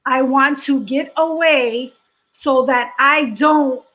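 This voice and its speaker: A woman's voice: high-pitched, fairly even intonation, takes it slowly, fairly bright tone, rough recording. A woman co-hosting a podcast in casual chat, speaking earnestly and reflectively with occasional jokes. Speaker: podcast co-host.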